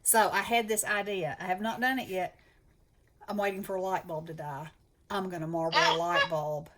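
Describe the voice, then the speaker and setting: A woman's voice: lowish voice, steady tone, moderate pace, very noisy. A woman with a Southern US accent chatting enthusiastically as host of a craft channel. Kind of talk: casual chat.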